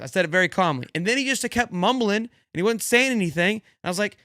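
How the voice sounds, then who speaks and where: A man with a big, loud voice, co-hosting a sports podcast and boasting about trash talk in casual banter. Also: high-pitched, lively intonation, fast talker, few pauses, dry recording, clean studio sound.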